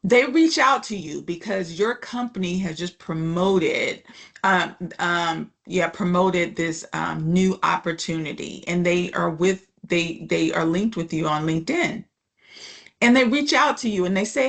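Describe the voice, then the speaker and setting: A woman's voice: fairly low pitch, a little slow, vocal fry, fairly bright tone. A woman instructor giving a casual online class lecture, chatty and often asking the class "right?" and "you know".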